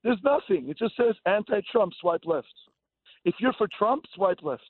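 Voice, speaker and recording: A man from California calling in to a radio show, rambling excitedly and repeating his words. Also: sits high, moderate pace, slightly rough, dry recording. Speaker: caller. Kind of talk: casual call-in chat. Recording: tinny phone line.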